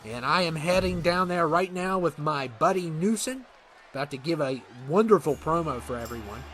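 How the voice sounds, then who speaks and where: A man's voice: on the high side, animated, normal speed, a bit bright, a little hiss or hum. A man giving casual let's-play commentary on a wrestling game, dramatic and playfully indignant. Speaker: gaming commentator.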